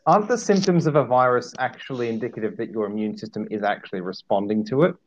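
A man's voice: mid-range voice, quick pace. Aussie male guest, teasing banter, dull lo-fi call sound. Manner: playful joking banter. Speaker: podcast guest. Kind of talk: casual chat.

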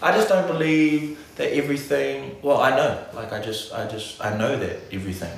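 A man in casual chat, animated and slangy, often cutting himself off mid-thought. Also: medium pitch, moderate pace, vocal fry, slight background noise. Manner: animated, slangy, self-interrupting. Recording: echoey room.

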